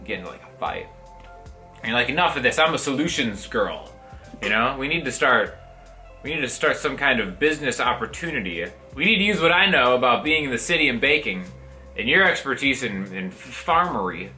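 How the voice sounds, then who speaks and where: A young man telling comic movie pitches in a chatty, animated way, acting out the characters he quotes. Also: fairly quick, soft background music. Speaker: comedian pitching movie ideas. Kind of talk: comedic improv pitch.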